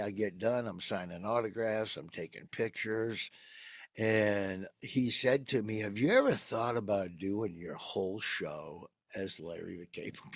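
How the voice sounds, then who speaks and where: Man, american comedian guest, lively storytelling, plays out the quotes, dry close sound. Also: fairly low pitch, no room sound. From United States. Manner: animated storyteller who acts out quoted people. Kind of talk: casual storytelling interview.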